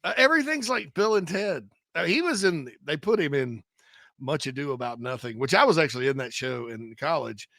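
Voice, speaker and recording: A man co-hosting a casual sports podcast, animated and talkative, who bursts into loud movie-quote impressions. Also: on the high side, brisk, gravelly, no echo, clean studio sound. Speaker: podcast co-host.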